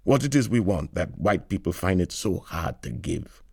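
A man's voice: low voice, animated, moderate pace, creaky, darkish tone, breathy edge, no echo, studio quality, full character voice. A man reading the lines of a weary young man in London, with a brooding, lamenting manner.

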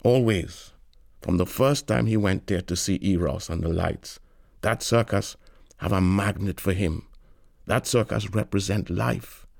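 Man, wry lilting narration, gravelly, dry sound. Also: low-pitched, unhurried, darkish tone, no room sound. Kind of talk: audiobook reading of literary fiction.

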